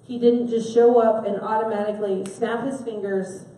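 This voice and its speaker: A woman giving a sermon, asking her listeners questions and stressing key words with soft pauses. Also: a little high, fairly even intonation, a little hiss or hum. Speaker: preacher. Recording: very echoey, from far off the mic.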